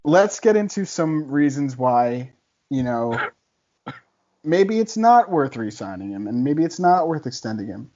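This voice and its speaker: A man arguing a contrarian take on a casual podcast, chatty and quick to laugh. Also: fairly high pitch, very animated, mellow, dull audio. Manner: chatty, laughs often, argumentative. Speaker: podcast guest debater.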